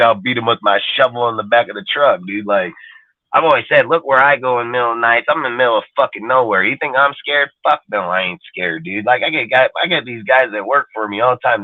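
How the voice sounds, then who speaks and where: A man's voice: medium pitch, a little fast, no room sound. Blunt, swearing man on a tinny line. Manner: blunt, heavy swearing, repeats "dude" and "like". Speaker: podcast co-host. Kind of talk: casual profane rant. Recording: tinny phone-line sound, dry.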